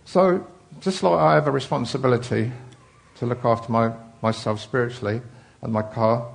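A man's voice: medium pitch, moderate pace, creaky. A man preaching an informal sermon in a chatty, rambling way with many asides.

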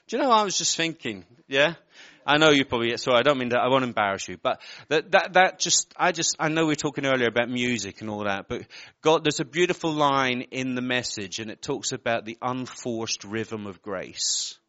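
A man's voice: medium pitch, animated, fairly quick, pushed and bright, no echo, dull audio. A man preaching a sermon, giving earnest personal words to people in the congregation and often breaking off with apologetic asides.

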